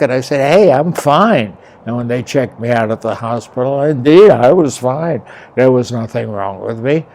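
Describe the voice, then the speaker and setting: A man tells a personal story at an unhurried, drawn-out pace. His voice is gravelly and creaky at the edges. He rambles, stops and restarts, and raises his voice when he quotes what he said. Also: mid-range voice, darkish tone, slight background noise. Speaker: doctor recounting a near-death experience.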